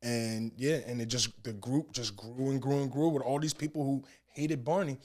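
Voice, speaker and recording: A man's voice: medium pitch, fairly even intonation, normal speed, darkish tone. Laid-back man in his thirties, bantering. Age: 30s. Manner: rambling storyteller with frequent restarts. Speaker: podcast co-host. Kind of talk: casual chat.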